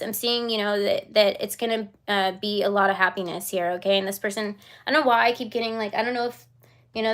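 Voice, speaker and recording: A woman giving a casual live-stream tarot reading, chatty and giggly with lots of fillers. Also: on the high side.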